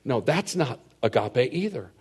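A middle-aged man preaching a sermon as a pastor, telling stories and swinging from hushed asides to loud, emphatic points. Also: mid-range voice, sing-song, unhurried, husky.

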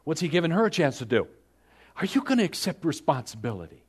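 A man preaching a sermon, asking the congregation rhetorical questions and swinging from hushed to loud. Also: a little high, sing-song, moderate pace, pauses often, breathy edge. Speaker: pastor.

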